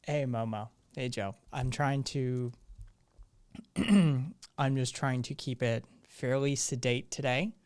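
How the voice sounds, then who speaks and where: A man hosting a live stream, his voice still hoarse, talking in a rambling, sardonic way and swearing freely. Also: mid-range voice, steady tone, takes it slowly. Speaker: live-stream show host. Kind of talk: casual live-stream commentary.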